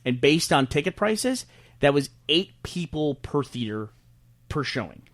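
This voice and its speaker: A man co-hosting a podcast, chatting casually and telling animated stories about movies and box office numbers. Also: on the high side, a little slow. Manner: animated storyteller, breaks down numbers. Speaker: podcast host. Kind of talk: casual chat.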